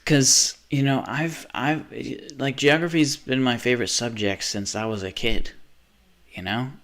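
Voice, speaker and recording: A man's voice: mid-range voice, steady tone, a little slow, fairly bright tone. A livestreamer, a man, talking in a rambling rant that keeps restarting and trailing off. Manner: restless, self-interrupting, frequent restarts and trailing off.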